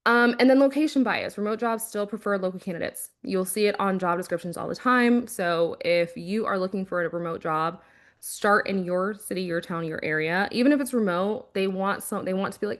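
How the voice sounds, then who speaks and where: A woman with a mid-range voice talks through job-hunting advice in a relaxed, chatty way. She stays animated, often slips into quick acted-out quotes, and sounds like a former recruiter sharing what she has seen. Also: mid-range voice. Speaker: former recruiter and career coach. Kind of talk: casual career-advice talk.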